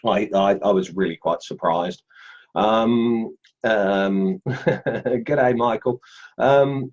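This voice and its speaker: A man's voice: on the low side, extremely slow, a little mellow. A man hosting a casual livestream, chatty and jokey, rambling with many fillers, heard with a slightly dull lo-fi sound. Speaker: host of a carving group livestream.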